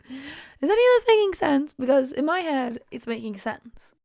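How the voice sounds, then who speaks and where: A woman's voice: high-pitched, sing-song, a little slow, pauses often, a little mellow, no room sound, clean studio sound. A woman musician chatting casually about her own song, rambling through tangents with frequent laughs and fillers. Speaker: singer-songwriter discussing her song. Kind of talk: casual podcast chat.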